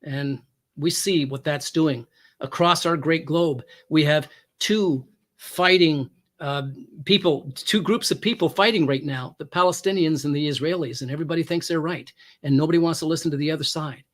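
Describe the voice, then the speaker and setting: Man, former police negotiator, storytelling guest, slightly high voice, emphatic lively delivery, hesitant fillers. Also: normal speed. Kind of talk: storytelling anecdote.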